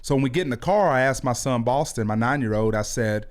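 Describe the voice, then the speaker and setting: A man in his thirties, a youth football coach and podcast host, talking with high energy and an animated, hands-moving delivery. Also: quick pace. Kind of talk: motivational podcast talk. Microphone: video podcast mic.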